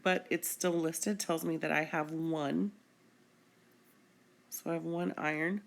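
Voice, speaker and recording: A woman's voice: on the low side, fairly bright tone. A woman chemistry teacher explaining a screencast lesson patiently, step by step.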